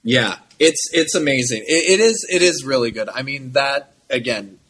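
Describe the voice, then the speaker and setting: A man co-hosting a podcast in casual chat, animated and full of quick asides and restarts. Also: medium pitch, slightly rough. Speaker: podcast co-host.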